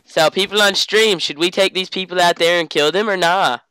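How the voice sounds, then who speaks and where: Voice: mid-range voice, a little fast, sharp tone, clean tone, no echo, low-quality recording. A live streamer chatting casually and jokingly while playing a game, prone to mock-dramatic outbursts. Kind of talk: casual gaming chat. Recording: electronic music playing behind.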